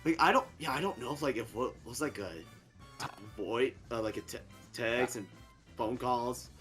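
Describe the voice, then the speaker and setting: A young man competing on an online game show, chatting casually, quick to laugh and full of "like". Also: medium pitch, faint music behind. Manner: animated, quick to laugh, filler-heavy. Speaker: contestant. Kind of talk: casual chat.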